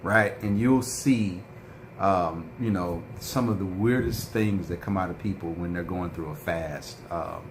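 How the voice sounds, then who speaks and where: Deep-ish guy vlogging, loose chatty storytelling, lots of ums. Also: a little slow, background noise. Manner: rambling storytelling with many fillers. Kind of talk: casual livestream chat reading viewer comments.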